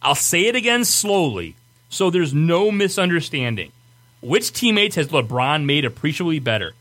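A man hosting a sports podcast, running a playful quiz and reading quotes aloud slowly. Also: a little high, big pitch swings, a bit bright. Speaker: podcast host. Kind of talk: casual sports quiz banter.

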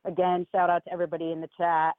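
Animated woman on a tinny phone line. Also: rapid-fire, dry recording. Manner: animated, swoops high when mocking others. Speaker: caller. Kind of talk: casual political chat. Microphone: phone call.

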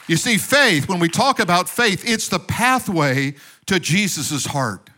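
Male preacher, high and forceful, punchy rhetorical sermon style with playful jabs at the congregation. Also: animated, unhurried, a faint crowd. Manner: emphatic, with rhetorical questions and calls for amen; joking asides to the congregation. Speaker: pastor.

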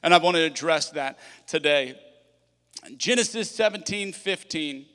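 Bright-voiced pastor preaching in a hall. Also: male voice, a little high, a little slow. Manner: energetic, conversational with humorous asides. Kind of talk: sermon. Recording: long reverb of a large hall.

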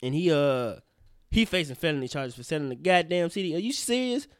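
Animated, swearing young podcast host. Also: male voice, fairly high pitch, a little fast, no room sound, clean studio sound. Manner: animated, profane, goes off on tangents. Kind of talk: casual news commentary.

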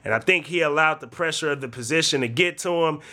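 A man hosting a casual sports talk show, laying out his opinions at length in a measured way. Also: on the high side, sharp tone. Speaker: show host.

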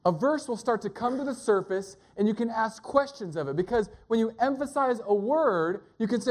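A man preaching a sermon at a church gathering, in a conversational, joking way that slows down to stress single words. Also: sits high, darkish tone. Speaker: pastor.

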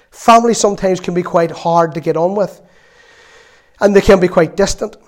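A man preaching a sermon in a chatty storytelling way, with laughs and asides. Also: a little high.

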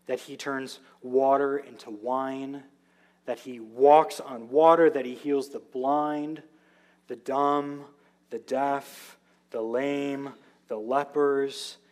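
Slow-speaking man preaching a sermon. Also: mid-range voice, fairly even intonation, a little mellow. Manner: storytelling, emphatic, vivid asides. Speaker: pastor.

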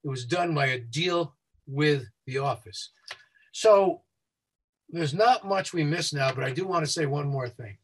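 Husky man speaking fast and explaining. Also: fairly high pitch, low-quality recording. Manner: talks quickly and explains things step by step. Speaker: safety consultant. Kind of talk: guest explaining a website walkthrough.

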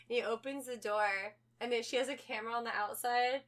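A woman co-hosting a podcast, telling a story in animated casual chat and acting out the people in it. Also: fairly high pitch, fast talker, few pauses. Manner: animated storytelling, acts out voices, laughs. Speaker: podcast co-host.

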